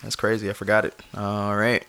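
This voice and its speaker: A man's voice: fairly low pitch, monotone, fairly quick, bright, forceful tone, clean tone. A man co-hosting a podcast, talking in a laid-back, joking, slangy way. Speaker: podcast co-host. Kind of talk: casual chat.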